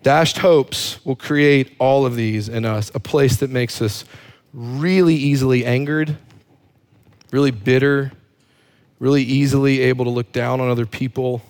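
A man's voice: medium pitch, fairly even intonation, measured pace, a little mellow. A man preaching a sermon as a pastor, emphatic and fond of repeating words for effect.

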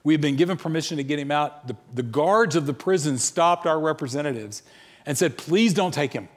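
A man's voice: fairly high pitch, a little fast. A man preaching a sermon, telling stories and acting out the quoted dialogue. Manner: animated, acts out quoted dialogue. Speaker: pastor. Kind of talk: sermon storytelling.

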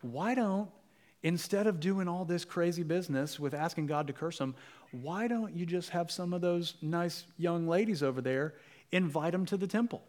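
A pastor playing a greedy, scheming male prophet who coaxes someone in a sneaky, hushed way. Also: on the high side, normal speed, lightly acted. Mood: sly coaxing. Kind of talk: sermon storytelling.

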